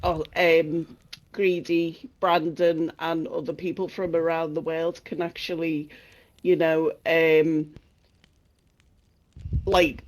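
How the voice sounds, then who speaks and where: Slow-talking Scouse man. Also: fairly high pitch, little pitch movement. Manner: jokey, laughing often. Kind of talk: casual chat.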